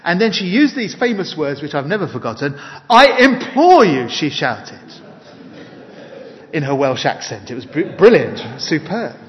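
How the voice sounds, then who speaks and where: A man's voice: a little high, very animated, fairly quick, hardly any pauses. A man preaching an evening sermon, earnest and emphatic, mixing scripture with personal stories. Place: church hall. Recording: dull, long-reverb hall recording.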